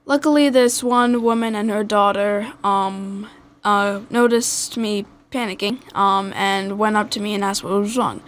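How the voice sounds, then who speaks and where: A woman's voice: mid-range voice, fairly even intonation, a little slow. A teenage girl telling a personal story in a casual podcast chat, hesitant with many fillers. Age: teens. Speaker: podcast guest.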